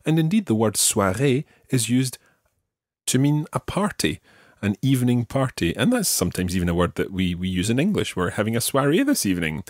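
Male podcast teacher, patient and methodical, lively intonation, dry close mic. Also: mid-range voice, fairly quick, no echo. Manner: patient, explains step by step and models pronunciation. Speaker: language teacher. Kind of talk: podcast language lesson.

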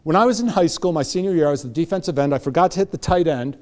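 Guy in his 60s giving a motivational talk, kinda high voice, acts out all the back-and-forth in his stories. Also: rapid-fire. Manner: animated storytelling, acting out both sides of dialogues. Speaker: motivational speaker.

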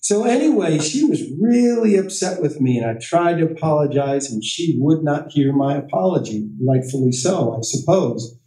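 A man's voice: on the high side, lively intonation, normal speed, warm tone. A middle-aged man giving an author's talk at a library, telling anecdotes with self-deprecating humor and quoted voices. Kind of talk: storytelling talk to an audience. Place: library meeting room. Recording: echoey room, distant mic.

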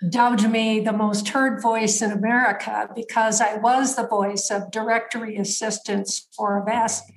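Woman, 70s, a little scratchy, higher voice, thoughtful guest, roomy sound. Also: level tone, a little slow. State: slightly scratchy voice. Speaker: guest, author. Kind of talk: conversational storytelling.

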